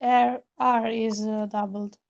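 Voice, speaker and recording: A woman's voice: on the high side, little pitch movement, a little mellow. Hesitant woman student on a bad call. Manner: hesitant, slow answers. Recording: muffled bad call connection.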